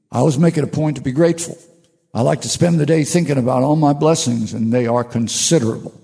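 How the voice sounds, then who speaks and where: Older man, gravelly, musing spiritual monologue. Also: medium pitch, dark tone, long reverb tail. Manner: slow, musing, with halting restarts. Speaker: radio show host.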